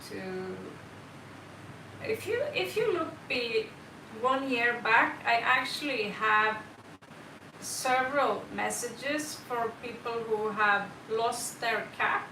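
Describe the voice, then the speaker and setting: A woman's voice: on the high side, gravelly, far from the mic, noisy background. A woman hosting a live tarot stream, chatting casually and greeting viewers by name as she rambles. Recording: roomy, set back from the mic.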